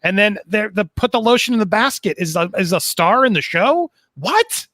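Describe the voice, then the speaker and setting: A man's voice: high voice, lively intonation, fairly quick, a bit bright, no room sound, studio quality. A man in casual podcast chat, sarcastic and exasperated.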